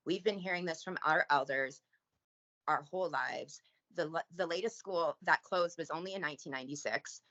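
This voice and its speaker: A Canadian woman with a low, bright, forceful voice speaks earnestly in relaxed conversation, leaning on fillers. The audio is slightly dull and lo-fi. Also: normal speed. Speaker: podcast guest. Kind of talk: casual chat.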